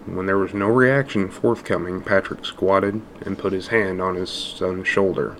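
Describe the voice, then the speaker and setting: A man narrating a dark story in a measured, even storytelling manner. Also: low voice, slight background noise.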